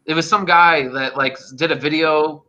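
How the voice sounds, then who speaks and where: A man's voice: fairly high pitch, fairly even intonation, normal speed, bright, forceful tone, lo-fi sound. A young adult man, a student who makes online videos, talking loosely with plenty of fillers on a video call panel. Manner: loose, filler-heavy talk. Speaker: student content creator. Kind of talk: casual livestream panel chat.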